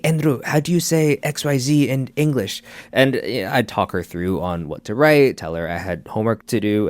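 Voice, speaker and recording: A man's voice: fairly low pitch, no room sound. A man hosting a book podcast, giving a conversational scripted introduction. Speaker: podcast host.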